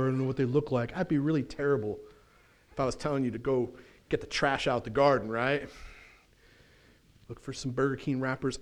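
Casual slang and rapid asides color the sermon this man preaches as pastor of a church. He sounds folksy and animated, with a medium-pitched voice.

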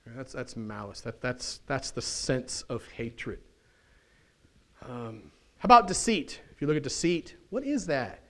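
Folksy animated male pastor preaching. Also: mid-range voice, a little slow. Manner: folksy, animated preaching with casual slang and asides. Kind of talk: sermon. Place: church.

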